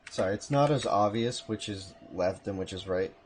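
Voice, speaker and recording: A man casting a live strategy game match from home, with a relaxed, chatty manner and casual asides. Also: lowish voice, normal speed, slight background noise. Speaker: esports caster. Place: home room.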